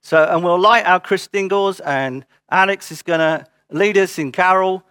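A man's voice: high voice, moderate pace, fairly bright tone, clear, resonant tone, no echo. Earnest man preaching, close and dry. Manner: earnest, emphatic exhortation with short repeated phrases. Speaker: pastor. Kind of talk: sermon, then church notices.

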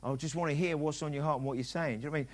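A middle-aged pastor delivers a sermon in a relaxed, chatty way. His voice sits a little high for a man, and he slips into little acted-out exchanges to make his points. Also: very fast. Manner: conversational preaching, acts out quoted dialogue.

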